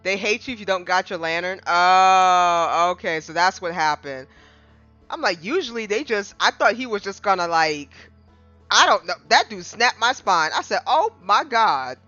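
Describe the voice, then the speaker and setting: A gaming streamer casually recapping a game, excitable, with dramatic restarts and big jumps in pitch. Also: moderate pace, dry recording. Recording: slightly dull lo-fi mic with faint music.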